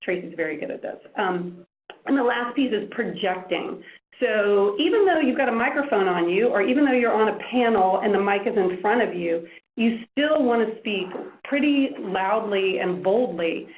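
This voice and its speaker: A woman presenting a media training workshop, demonstrating how to use pause, pitch, pace and projection. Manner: animated, demonstrating voice techniques. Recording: echoey room, lo-fi phone-like sound.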